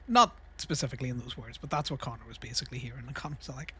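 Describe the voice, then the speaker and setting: A man's voice: mid-range voice, fast, bright, forceful tone. A young man casually rambling through a story while livestreaming a game, laughing and swearing freely. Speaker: streamer.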